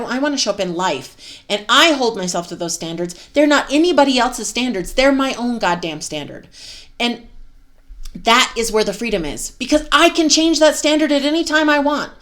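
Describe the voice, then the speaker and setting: A woman's voice: mid-range voice, a bit bright. A woman, a mother with a husband, giving a candid, profane motivational self-help talk as host, laughing and sighing as she goes.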